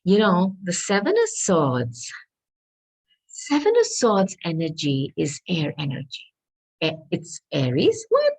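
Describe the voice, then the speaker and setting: A woman tarot reader talking her way through a reading, repeating herself and adding hedging asides, clearing her throat as she loses her voice. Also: fairly low pitch, wildly swooping pitch, takes it slowly, darkish tone, poor audio. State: losing her voice.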